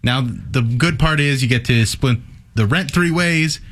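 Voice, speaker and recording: A man's voice: mid-range voice, a little slow, a bit bright. Laid-back male co-host. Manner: laid-back, laughs easily, filler "like". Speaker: podcast co-host. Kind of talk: casual chat.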